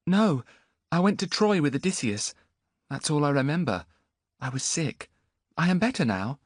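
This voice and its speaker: Frightened feverish boy, pitched well above the male narrator's own voice, pleading and anxious; dry, close audiobook sound. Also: lively intonation, moderate pace, no echo. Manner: pleading, anxious, high boyish voice. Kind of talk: audiobook character voice.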